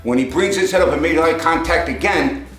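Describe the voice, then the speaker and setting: A man's voice: on the high side, fairly quick, a bit bright, reverberant, soft background music. A man telling jokes in a rambling, conversational way, raising his voice to act out the characters. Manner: rambling storyteller, acts out characters in raised voice. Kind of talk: joke telling.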